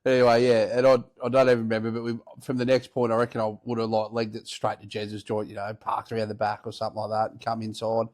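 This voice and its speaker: A man with an Australian accent, a podcast co-host casually telling a story in animated, swear-heavy language. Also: on the low side, fast, hardly any pauses. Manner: animated, profane yarn-spinner.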